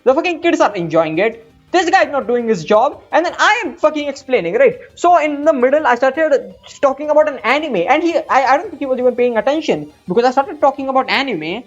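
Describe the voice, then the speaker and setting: Young male gamer in his twenties, rambling and crude, with a lively, swinging voice; dull lo-fi sound and faint music behind him. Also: very high-pitched, brisk. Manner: rambling, profane, self-mocking. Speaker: gaming streamer. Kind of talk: casual storytelling over gameplay.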